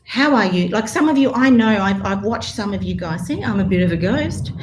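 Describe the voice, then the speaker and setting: A woman's voice: mid-range voice, lively intonation, brisk, reverberant, slight background noise. A woman presenting a live marketing workshop, talking energetically and calling her audience guys. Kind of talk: live online workshop talk.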